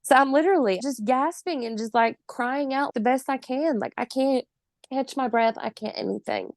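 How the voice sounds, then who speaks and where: A woman's voice: high-pitched, moderate pace, no room sound. A woman in her forties, a podcast guest, telling her own story in vivid, emphatic detail with occasional laughs.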